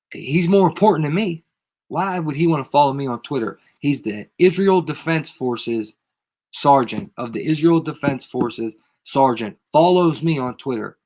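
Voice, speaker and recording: A man with a head cold ranting casually to a live audience, emphatic and slangy, repeating his points over and over. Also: medium pitch. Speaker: channel host. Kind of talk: casual livestream rant.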